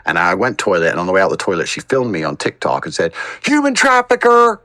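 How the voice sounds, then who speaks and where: A man's voice: low voice, expressive, quick pace, a bit bright, no echo. A man as a podcast guest telling stories in casual chat, blunt and emphatic, with occasional swearing.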